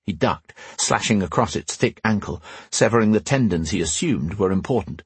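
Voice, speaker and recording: A man with a fairly low, slightly rough voice narrates a fantasy audiobook, telling the story in a steady, measured way. There is no echo.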